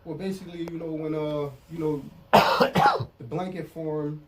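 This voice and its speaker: A man's voice: on the high side, steady tone, normal speed, distant mic, heavy background noise. A middle-aged man speaking candidly as an interview guest in street slang, often saying "you know what I'm saying". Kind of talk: casual interview about prison time.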